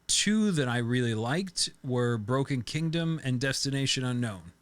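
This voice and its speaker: A man's voice: medium pitch, lively intonation, a little slow, no room sound. A man co-hosting a podcast, telling stories and ribbing his partner in playful casual chat. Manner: playful, wry, laughs at his own jokes. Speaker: podcast co-host.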